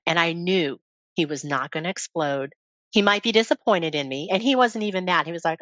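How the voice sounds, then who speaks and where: A woman's voice: lowish voice, lively intonation, fairly quick, a bit bright, no echo. A woman speaking as a podcast guest, telling her story openly and reflectively. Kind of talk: candid personal interview talk.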